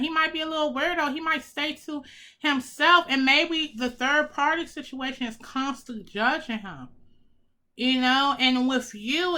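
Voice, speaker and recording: A woman doing a casual tarot reading for her viewers, chatty and excitable, talking to them as y'all, with some swearing. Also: high voice. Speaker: tarot reader.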